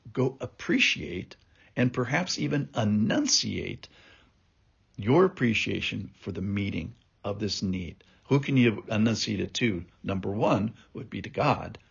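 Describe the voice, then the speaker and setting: A man preaching a sermon in an earnest, reflective way, pausing and restarting his thoughts. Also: on the low side, lively intonation, creaky, slightly rough, dull audio.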